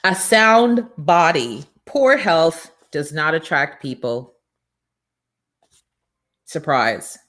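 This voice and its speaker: Emphatic low-voiced woman hosting a motivational show. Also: drawn-out words, long pauses. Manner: energetic, preachy, emphatic. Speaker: show host and business coach. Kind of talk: motivational morning show talk. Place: studio.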